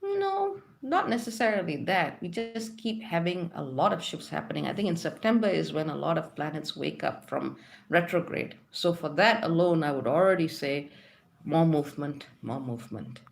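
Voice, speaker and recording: A woman's voice: low-pitched, animated, moderate pace, creaky. A woman hosting a spiritual livestream, chatting casually and reading out viewer comments with lots of fillers. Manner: chatty, reads comments aloud with many fillers.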